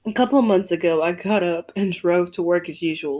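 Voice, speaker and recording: A woman's voice: fairly low pitch, fairly quick, few pauses, darkish tone. A young woman chatting casually and reading funny stories aloud, laughing often and teasing her friend.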